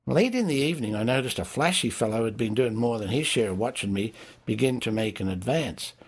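A man's voice: medium pitch, expressive, brisk, slightly rough. Man narrating a memoir. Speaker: audiobook narrator. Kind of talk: first-person memoir narration.

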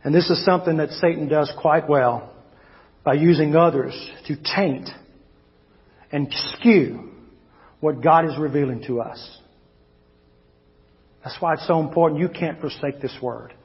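High-voiced preacher in a reverberant hall. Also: male voice, a little slow, pauses often. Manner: preaching with swings from loud emphatic shouts to low quiet asides. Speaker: pastor. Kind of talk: sermon. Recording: long hall reverb, dull lo-fi sound.

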